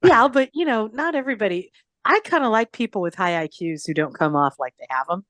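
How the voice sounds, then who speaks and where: A woman's voice: mid-range voice, lively intonation, a little fast, a bit bright, dry recording. A woman co-hosting a casual chat, wry and laughing, mocking celebrities. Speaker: podcast co-host.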